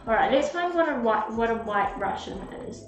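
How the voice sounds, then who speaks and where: A woman's voice: a little high, lively intonation, moderate pace, far from the mic. A young woman streaming live, chatting casually and rambling as she reads drink recipes aloud to her viewers. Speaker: livestreamer. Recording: roomy echo, off-mic, faint music.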